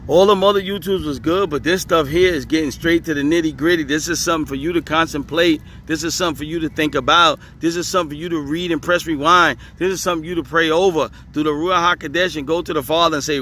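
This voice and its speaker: A man's voice: on the high side, steady tone, fast, hardly any pauses, pushed and bright, slight background noise. A man teaching scripture in a casual video, repeating his points with emphasis and chuckling often. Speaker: religious teacher.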